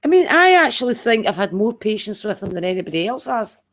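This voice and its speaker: A woman's voice: mid-range voice, sing-song, quick pace. A woman talking indignantly in a casual group chat over a video call.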